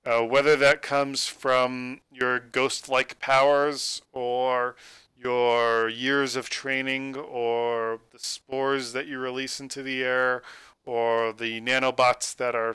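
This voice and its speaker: A man explaining tabletop game rules as game master, rambling and halting with many fillers, talking into a computer mic on a call. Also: mid-range voice, sharp tone, clear, resonant tone, no echo.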